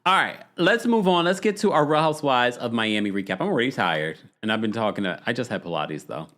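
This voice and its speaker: A man hosts a reality TV recap, chatting casually and reading out viewer comments. His voice sits in a middle register but swings widely, leaping high when he is amused. The delivery is loose and animated. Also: brisk. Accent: New York. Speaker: podcast host.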